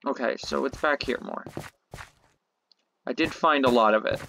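A woman giving casual gameplay commentary, excitable, talking to herself and swearing when things go wrong. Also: extremely low pitch, slow, vocal fry, long pauses, slight background noise. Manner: excitable, talks to herself, swears, frequent yelps and laughs.

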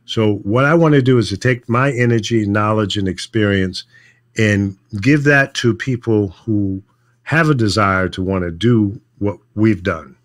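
An older man, a radio veteran, chatting casually in a measured, plain-spoken way with frequent fillers. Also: lowish voice. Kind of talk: casual chat.

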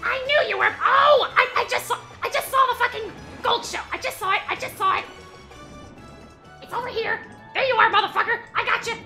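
A woman voicing a crude, excitable little mushroom man during a game livestream. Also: very high-pitched, fairly quick, soft background music, voice pushed up, heavily acted. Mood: excited. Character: squeaky foul-mouthed little mushroom man.

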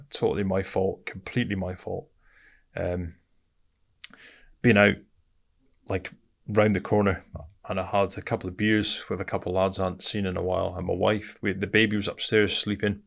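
A man's voice: low-pitched, little pitch movement, normal speed, vocal fry, pauses often. A man from Britain, a podcast guest telling his story bluntly and candidly, swearing often and calling the host mate.

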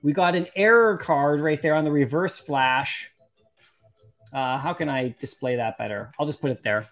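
Excitable, bright-voiced streamer. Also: medium pitch, normal speed, soft background music. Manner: excitable and chatty, laughs often. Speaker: live-stream host opening collectible card packs. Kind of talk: casual live-stream chat, reading viewer comments aloud.

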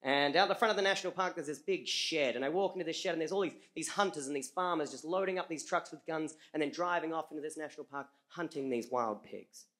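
An Australian man tells a comic story on a live stage, in a high, bright voice. He halts often, repeating words and adding fillers. His tone stays lively and sharp. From rural Australia. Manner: halting, with frequent repeats and fillers.

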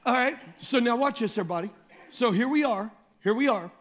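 A man preaching a sermon as pastor, emphatic, repeating phrases, calling on the congregation and slowing down to read scripture. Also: very high voice, animated. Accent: Midwestern American. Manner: slows down and lifts the voice when reading scripture.

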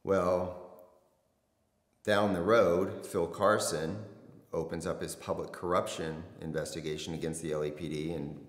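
A man's voice: deep voice, level tone, unhurried. A middle-aged man, a former detective, recounting a case in blunt, conversational interview talk. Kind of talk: casual storytelling interview. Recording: echoey room with long reverb.

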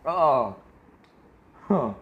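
Laid-back young man, slow and lively. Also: mid-range voice, husky, narrow, tinny audio. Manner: laid-back, talks to chat, bursts into laughter. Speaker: streamer. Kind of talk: casual live-stream chat. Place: outdoors by a pool.

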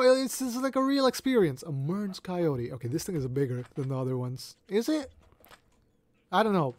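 A gaming creator narrates play in an excitable, joking way, often breaking into laughter. They ham up mock-dramatic lines. The voice sits at a middle pitch and is recorded dry and close, with no room echo. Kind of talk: casual gameplay commentary.

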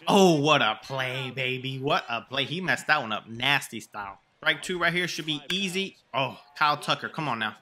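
A young man giving live commentary over his own video game, casual and excitable, shouting at big plays. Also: medium pitch, moderate pace, hardly any pauses. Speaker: gaming channel host.

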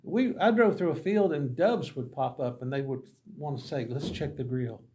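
A man's voice: on the high side, normal speed, warm tone, slight background noise. A man, a pastor teaching a Bible class, telling folksy, humorous mission stories and acting out the dialogue. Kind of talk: anecdotal Bible lesson storytelling.

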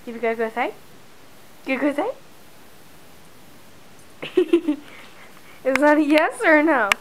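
Woman, home video, very high sing-song baby talk to her dog, swooping and unhurried. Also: animated, slight background noise, low-quality recording. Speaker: pet owner filming her dog.

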